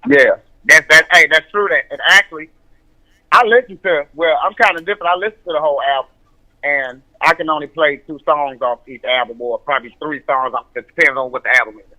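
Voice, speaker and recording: A man's voice: a little high, fairly quick, bright, forceful tone, poor audio. A man hosting a radio show, chatting in a laid-back, slangy way. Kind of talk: casual radio chat.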